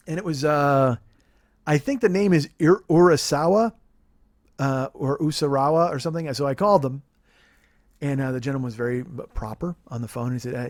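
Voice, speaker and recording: Male podcast host, rapid-fire profane comic storyteller, dry close mic. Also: mid-range voice, no echo. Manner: profane, rambling, animated storyteller. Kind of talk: casual comedic storytelling.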